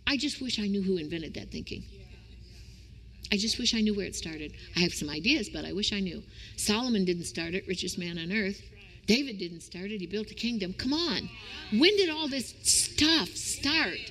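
A woman preaching a sermon with emphatic rhetorical questions that climb into high, excited exclamations. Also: normal speed. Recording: reverberant hall.

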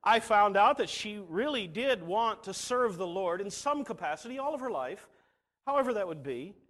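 A middle-aged man preaching a sermon, swinging from soft asides to emphatic declarations. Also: high voice, expressive, moderate pace.

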